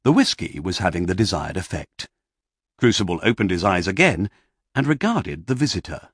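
A man's voice: low-pitched, sing-song, moderate pace, slightly rough, no echo. A man narrating a comic story in a dry, storytelling manner.

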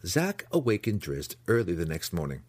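Man, audiobook narrator, deep voice, husky, lively intonation, dry close sound. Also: moderate pace, dry recording. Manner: expressive storytelling with voiced characters. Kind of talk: scripted fantasy narration.

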